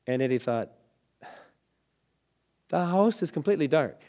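A man's voice: on the high side, lively intonation, a little slow. Preacher man telling a story. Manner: dramatic, shifts between loud and hushed. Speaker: pastor. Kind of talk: sermon with storytelling.

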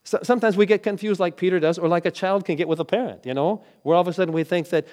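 A man preaching a sermon, telling a story dramatically and dropping from loud lines to hushed ones. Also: high voice, racing, few pauses. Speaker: pastor.

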